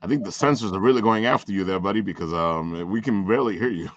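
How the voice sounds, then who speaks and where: A man's voice: on the low side, fast talker, no room sound. A man hosting a casual talk show, playful and prone to stammering and laughing. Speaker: host. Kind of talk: casual chat. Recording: dull, dry lo-fi sound.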